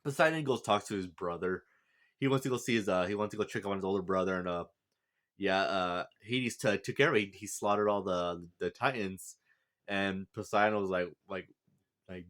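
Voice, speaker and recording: A man's voice: deep voice, moderate pace, a bit bright. Rambling man recapping an anime. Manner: rambling, heavy on fillers and restarts. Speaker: anime reviewer. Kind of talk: casual plot recap and character review.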